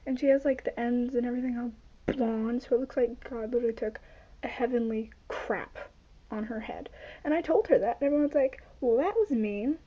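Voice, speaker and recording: A woman's voice: fairly high pitch, fairly quick. A young woman chatting in a rambling, self-mocking way while doing her hair and makeup for a phone video vlog. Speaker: vlogger. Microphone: phone camera. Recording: dull lo-fi phone recording.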